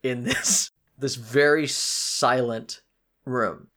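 A man running a tabletop game as its game master. He narrates casually, with a middle pitch and loose, descriptive phrasing. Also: slow, pushed and bright.

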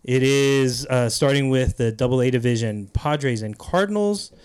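Man, podcast host, casual chat, laid-back, mid-pitched voice. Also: moderate pace, darkish tone, smooth. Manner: laid-back, casual, swears, laughs easily. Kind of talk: casual podcast chat, previewing league playoff picks.

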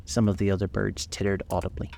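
A man narrating a storybook in a measured, gentle way. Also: deep voice, completely flat delivery, creaky, a little hiss or hum.

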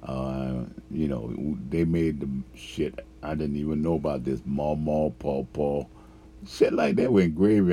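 A man's voice: very deep voice, unhurried, warm tone, slightly rough. A man telling a rambling, profane story about past jobs, full of fillers and chuckles. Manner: profane, laughs often, trails off with fillers.

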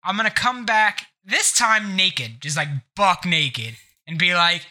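A man hosting a live gaming podcast, telling bits in a playful, animated way. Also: high voice, measured pace, few pauses. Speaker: podcast host.

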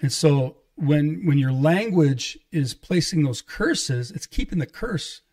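Animated middle-aged man telling his story. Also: a little high, slow. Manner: animated storytelling, acts out quoted dialogue. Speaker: guest, evangelist and pastor. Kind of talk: casual testimony in conversation.

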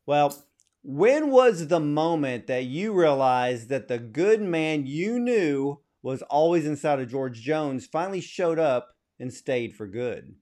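A man's voice: a little high, expressive, takes it slowly, darkish tone. A man hosting a casual podcast interview, asking long, conversational questions with frequent restarts. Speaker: podcast host.

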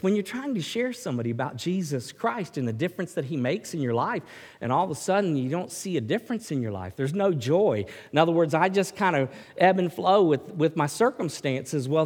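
A man preaching a sermon in an animated way, swinging from loud bursts to hushed words and often repeating himself. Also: a little high, breathy edge. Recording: hall reverb.

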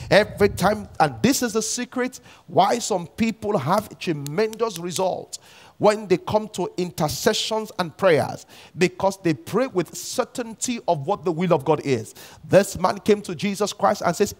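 A man delivers a sermon in a high voice. He reads scripture aloud and hammers his point home, slowing and repeating key phrases for emphasis. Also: lively intonation. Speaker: preacher.

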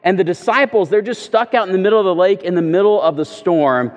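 A man's voice: high voice, fast talker. A man preaching a sermon in a conversational way, often repeating words as he goes. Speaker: pastor. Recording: echoey hall reverb.

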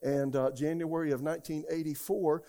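A man, preaching a sermon as a pastor. He tells stories from his own life and shouts out the lines he quotes. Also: fairly high pitch, steady tone, normal speed. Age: 60s. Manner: storytelling, rising to shouts when quoting God.

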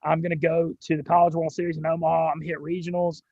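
A young man with a Southern drawl and a high, gravelly, somewhat husky voice, telling his story with excited energy and casual cursing. The sound is dry and a little dull, close to the mic. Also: racing, no echo. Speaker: sports radio and gambling show host, guest.

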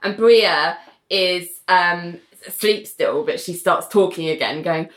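A woman co-hosting a casual chat, animatedly recapping a TV episode and acting out the characters' lines in quick voices. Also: on the low side, fairly bright tone, roomy sound. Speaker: podcast co-host recapping a TV episode.

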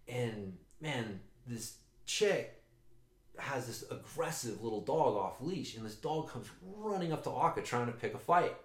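A man's voice: mid-range voice, expressive, a little slow. A man in casual chat, telling a long rambling story with swearing and frequent restarts. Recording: roomy echo.

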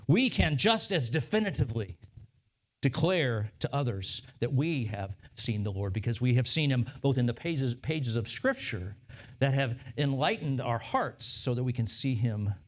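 A male pastor preaching a sermon in an earnest manner, often repeating phrases for emphasis. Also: medium pitch.

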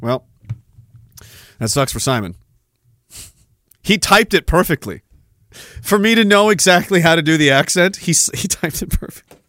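A weary man hosting a livestream, rambling and trolling as he reads out chat comments. His voice sits fairly high for a man. The sound is dry and close, with no room echo. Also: expressive, moderate pace, pauses often, a bit bright. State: tired. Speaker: podcast host. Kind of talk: casual livestream chat, reading viewer comments.

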